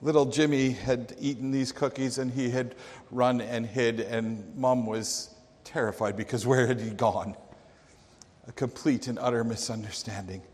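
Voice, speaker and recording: A man's voice: mid-range voice, steady tone, a little slow, a little mellow, big-room sound. A man preaching a sermon in a storytelling manner.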